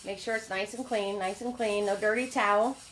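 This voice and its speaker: A woman's voice: medium pitch, fairly even intonation, a little fast, fairly bright tone, a little hiss or hum. A woman teaching a live painting lesson, chatting and greeting viewers by name with pet names like sweetie and hon. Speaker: painting instructor. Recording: echoey room with faint music.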